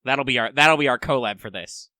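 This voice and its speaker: A man co-hosting a casual gaming podcast, rambling through opinions with quick asides and plenty of swearing. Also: mid-range voice, sharp tone, dry recording, clean studio sound. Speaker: podcast co-host.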